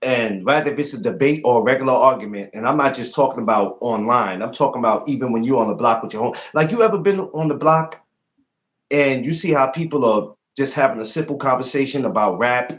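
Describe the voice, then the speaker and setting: A man in a relaxed podcast conversation, his voice sitting in an ordinary middle register. He tells stories with animation and presses his co-host with probing questions. The talk stays loose and casual throughout. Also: medium pitch, brisk.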